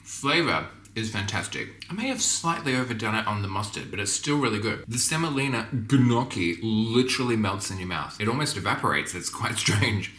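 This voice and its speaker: A man's voice: fairly low pitch, animated, moderate pace, few pauses, bright, forceful tone. A man hosting a cooking vlog, chatting casually and joking at himself as he cooks. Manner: chatty and self-deprecating, talks while cooking. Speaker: cooking channel host. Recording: echoey kitchen with background music.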